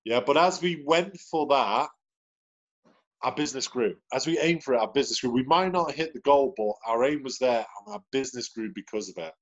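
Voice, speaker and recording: This man's voice sits in the mid range, with lively intonation and a brisk delivery. He's hosting an upbeat, motivational sales team video call, cheerfully saying hello to people one at a time, heard through dull, lo-fi call audio.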